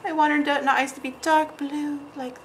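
A woman's voice: sits high, little pitch movement, fairly quick, slight background noise, low-quality recording. A woman hosting a nail art tutorial, chatting casually and giggling as she paints, often trailing off mid-sentence while she concentrates. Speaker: nail artist, channel host.

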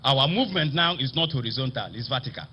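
A Nigerian man addresses a ceremony from a podium microphone, his pitch swinging widely as he stresses key words. The audio is slightly dull, with faint ambience from the venue behind him. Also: expressive, slight background noise. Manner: oratorical, slow emphatic delivery with rising stresses. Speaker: state assembly speaker. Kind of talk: formal ceremonial speech.

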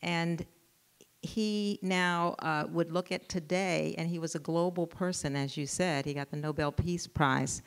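A woman moderates a live author talk in a very deep voice with a gravelly edge. She asks her questions in a measured, thoughtful way, building them up slowly. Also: fairly even intonation. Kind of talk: live event interview questions. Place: museum event room with audience.

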